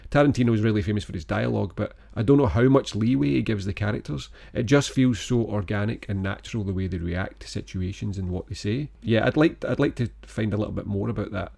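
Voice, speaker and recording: A man co-hosting a film podcast in easygoing, rambling chat. His voice sits on the low side with a gravelly edge of fry. He sounds keen and a little meandering. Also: fast, hardly any pauses. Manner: relaxed, rambling, enthusiastic. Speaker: podcast co-host. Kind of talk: casual film-review chat.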